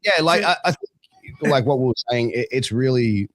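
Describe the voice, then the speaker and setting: An Australian man talking bluntly as a guest in casual chat, animated, with many restarts and some swearing. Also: medium pitch, moderate pace, no echo. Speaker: podcast guest, wrestling manager.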